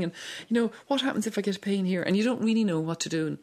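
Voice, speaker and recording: A woman's voice: medium pitch, rapid-fire, mellow. A middle-aged Irish woman speaking candidly in a documentary interview, talking in a conversational way with many restarts.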